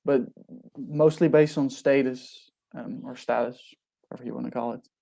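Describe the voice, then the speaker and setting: A man's voice: medium pitch, steady tone, moderate pace, vocal fry, dark tone. A man on a football podcast panel who argues his view and presses the others with pointed questions. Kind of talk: casual football debate.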